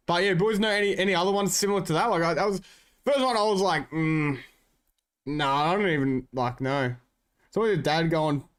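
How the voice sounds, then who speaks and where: An Australian man streaming, rambling in slangy casual chat with his viewers and swearing a lot. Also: fairly high pitch.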